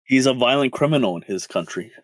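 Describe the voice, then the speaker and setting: Lively young man teasing and laughing. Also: medium pitch, fast talker, no echo. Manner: teasing, laughs often, profane. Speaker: podcast co-host. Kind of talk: crude casual chat.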